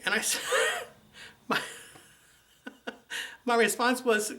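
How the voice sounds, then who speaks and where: A man recounts a run-in with his ex in a loose, chatty vlog style. His voice is bright and forceful, sitting a little high, and his storytelling turns exasperated and sarcastic. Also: slow pace, pauses often, slight background noise. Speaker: vlogger. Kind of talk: casual storytelling to camera.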